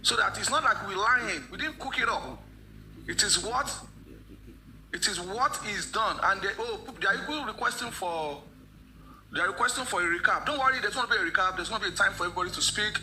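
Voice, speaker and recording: A man's voice: high voice, lively intonation, a little fast, pushed and bright, a little hiss or hum, rough recording. A man hosting a live stream, repeating himself as he addresses viewers. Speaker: host.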